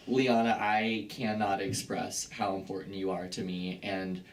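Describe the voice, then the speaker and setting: A young man in his twenties, with a low voice, rambles warmly through farewell tributes at a banquet. He fills his sentences with "like" and "um" and laughs at his own slips as he turns sincere. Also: little pitch movement, a little slow, hardly any pauses. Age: 20s. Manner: rambling, filler-heavy, laughs at himself. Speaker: student tour guide giving farewell tributes. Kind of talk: emotional speech at a banquet. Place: banquet room indoors.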